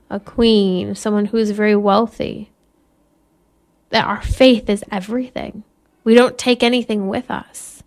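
A woman gives an earnest spiritual talk, speaking at a measured pace. Her voice sits slightly high. She talks as a Catholic mother and lets in an occasional soft laugh.

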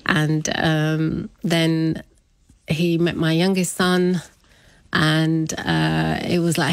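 A woman's voice: low voice, steady tone, slow, gravelly, no echo. A middle-aged woman in a casual interview, chatting and laughing often as she acts out what others said. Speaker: guest telling her story.

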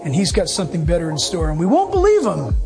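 A man preaching a sermon as pastor, emphatic and animated with quick bursts. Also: high-pitched, music in the background.

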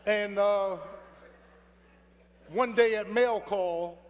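Older male preacher, slow earnest storytelling, long hall reverb, faint hum behind. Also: sits high. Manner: earnest storytelling with repeated phrases. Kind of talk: sermon with personal story.

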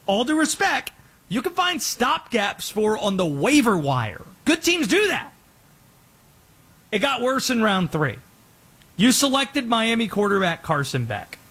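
A man's voice: extremely high pitch, sing-song, measured pace, sharp tone, breathy edge. A man giving sarcastic, critical commentary on a football team's draft picks on sports radio.

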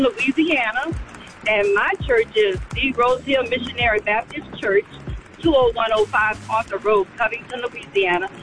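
A woman's voice: on the high side, fairly bright tone, distant mic, a little hiss or hum, low-quality recording. A woman minister calling in to a morning radio show, graciously announcing her church's events. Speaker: caller. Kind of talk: phone call shout-out.

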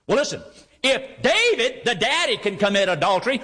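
A male preacher with a high, bright voice that swoops up and down as he preaches. He reads old scripture aloud and throws out emphatic questions, then answers them himself. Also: lively intonation, brisk. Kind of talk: sermon with scripture reading.

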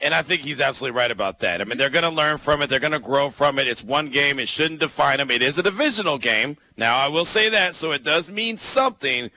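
Man, sports radio host, bright voice, slightly high, energetic, conversational. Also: quick pace, few pauses, poor audio. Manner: energetic, conversational, rhetorical asides. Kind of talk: casual sports radio banter.

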